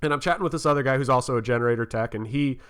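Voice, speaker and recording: A man in his thirties tells a story on a casual podcast, laughing often as he goes. His voice sits at an ordinary middle pitch and has plenty of energy. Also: very fast, fairly bright tone, smooth. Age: 30s. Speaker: podcast co-host. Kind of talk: casual chat. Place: living in North Carolina.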